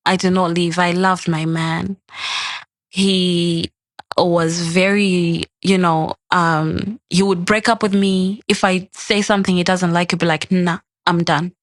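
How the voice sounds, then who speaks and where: Young woman guest spilling a story, slightly low voice, acts out the dialogue, dry sound. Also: unhurried, dry recording. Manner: animated, acts out quoted dialogue. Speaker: podcast guest. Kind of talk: casual storytelling.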